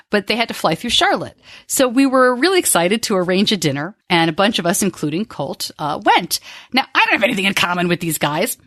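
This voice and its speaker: A woman's voice: on the low side, fairly bright tone, no room sound, studio quality. A middle-aged woman hosting a podcast, talking in a heartfelt, openly emotional way about her listeners and her own family. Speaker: podcast host. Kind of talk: conversational podcast talk.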